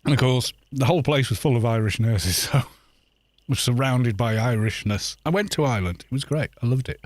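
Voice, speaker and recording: A man's voice: medium pitch, brisk, no room sound. A middle-aged man with a London accent, chatting in a rambling way with viewers while he streams a game. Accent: London English. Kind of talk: casual chat while gaming.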